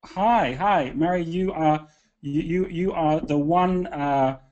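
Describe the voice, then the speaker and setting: A man hosting a live online call, upbeat and chatty, often pausing with fillers and restarting sentences. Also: fairly high pitch, darkish tone, muffled recording. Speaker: webinar host.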